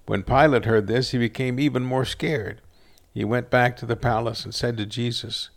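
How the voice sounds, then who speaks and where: Man reading scripture, steady, earnest, gravelly, mid-pitched. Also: moderate pace. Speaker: scripture reader.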